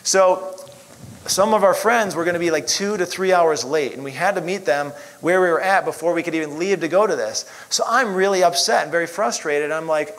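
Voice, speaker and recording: Telling his own story as a chiropractor, a middle-aged man rambles casually and leans heavily on "you know." He speaks a little fast in a high, slightly bright voice, on a low-quality recording.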